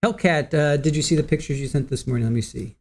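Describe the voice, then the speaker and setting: A man's voice: fairly high pitch, fast talker, a little mellow. A middle-aged man hosting a livestream, chatting casually and greeting viewers by name with easy laughs. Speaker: livestream host.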